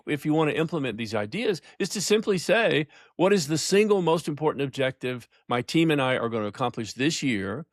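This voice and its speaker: Older man, slightly higher voice, emphatic storyteller, dry close mic. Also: no room sound. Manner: emphatic storyteller, slows for emphasis, laughs often. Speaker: guest, leadership coach. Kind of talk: podcast interview storytelling.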